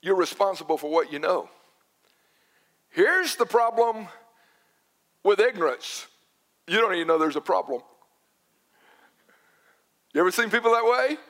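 A man's voice: high voice, animated, a little slow, pauses often, fairly bright tone, in a large hall. A man preaching a sermon to his congregation, telling stories and pressing his points with repeated phrases. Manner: storytelling, emphatic with repeated phrases. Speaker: pastor. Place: church sanctuary.

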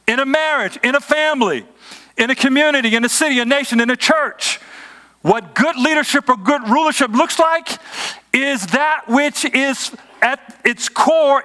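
A man delivers a sermon in a notably high voice. He preaches emphatically, shifting between firm declarations and conversational asides to his congregation. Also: pushed and bright. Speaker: pastor.

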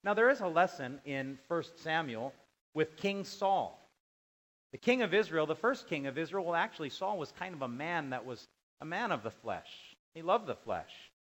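A man's voice: fairly high pitch, expressive, normal speed, fairly bright tone, rough recording. Man preaching with rising emphasis. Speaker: pastor. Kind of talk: sermon.

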